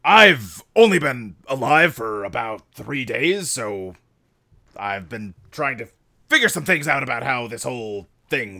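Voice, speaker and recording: A man's voice: mid-range voice, pushed and bright, heavily acted. Earnest military dog figure, clipped and formal, voiced by a man. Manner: clipped military "ma'am" replies. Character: gruff male soldier dog, eager, earnest.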